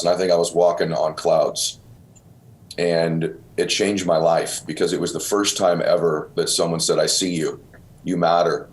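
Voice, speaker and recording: A middle-aged man, host of the show, earnestly telling a personal story and getting choked up, calling the listener brother. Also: low-pitched. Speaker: podcast host.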